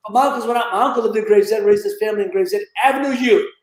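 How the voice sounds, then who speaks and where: A man's voice: high voice, rapid-fire. Boisterous man with an echoey sound. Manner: boisterous and joking, bursts into loud exclamations. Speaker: guest. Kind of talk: casual chat. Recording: echoey room audio.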